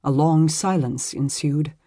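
An audiobook narrator reads a historical romance in a steady, measured way. The voice sits at a mid pitch, and the recording is dry and close with no room sound. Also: no echo.

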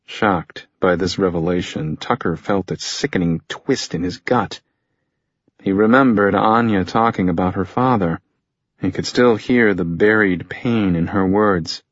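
A man narrates a thriller in a measured, steady storytelling manner. His voice is fairly low. The recording is dry with no room sound, and slightly muffled. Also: no echo. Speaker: audiobook narrator. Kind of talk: scripted narration.

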